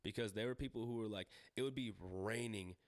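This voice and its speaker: Podcast co-host, man in his thirties: low, loose, profane, recorded dry and close. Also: brisk, dry recording. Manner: rambling, profane, frequent "like" and restarts. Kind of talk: casual podcast chat.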